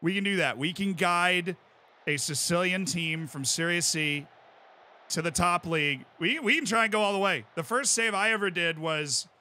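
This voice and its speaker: A man in his twenties with an American accent, chatting casually on a live stream as he plays a game and reads out chat, bursting into excited yells. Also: high voice, normal speed. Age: 20s. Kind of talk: casual live-stream commentary while gaming.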